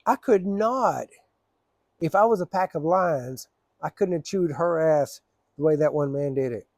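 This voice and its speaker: Man, fairly high voice, dry close sound, loose profane storytelling. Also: a little slow, darkish tone, no room sound. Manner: rambling, profane, laid-back. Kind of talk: casual storytelling.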